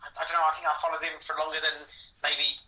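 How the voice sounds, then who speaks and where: A man's voice: on the high side, monotone, fast, pushed and bright. A man as a guest on a casual sports podcast, enthusiastic and full of fillers, picked up from away from the microphone. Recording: distant from the mic.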